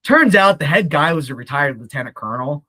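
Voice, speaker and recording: A young man telling a profane, animated story in casual talk, often acting out the voices of others. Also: fairly high pitch, fairly quick. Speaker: podcast guest.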